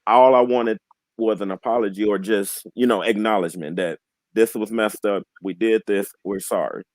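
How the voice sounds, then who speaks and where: A man in his late twenties with a fairly low voice speaks openly and from the heart as a panel guest. He is earnest and halting, and he restarts his sentences as he works through his thoughts. The sound is dry and close, with no room echo. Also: fairly even intonation. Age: 20s. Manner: heartfelt, emotionally open. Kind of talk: candid panel conversation.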